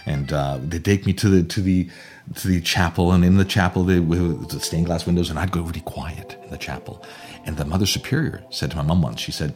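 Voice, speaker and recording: An older man from Germany, a storyteller guest telling a childhood tale theatrically, acting out voices and swinging from hushed to loud. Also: sits low, brisk, soft background music. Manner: theatrical, acts out voices, swings from whispers to shouts. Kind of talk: animated oral storytelling.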